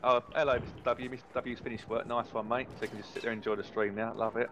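Fast-talking man streaming a game. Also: medium pitch, little pitch movement, noisy background. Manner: swears often, chatty, reads viewer comments aloud. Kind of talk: casual gaming stream chat.

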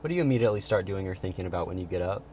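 Brief: male interviewer, fast-talking, slightly low voice, faint hiss. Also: animated, a little mellow. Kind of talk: casual interview.

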